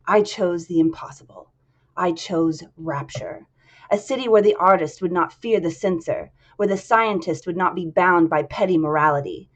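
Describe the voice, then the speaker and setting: A woman's voice: on the low side, slightly rough. Andrew Ryan, read by a woman declaiming. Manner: declamatory speech. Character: grandiose male city founder, orator.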